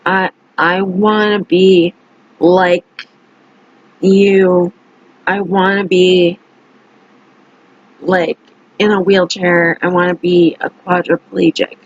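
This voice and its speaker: A woman voicing a young man who talks haltingly, with lots of filler words, in a lower voice than her own. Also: level tone, lo-fi sound. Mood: hesitant. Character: mumbling young man with an odd wish.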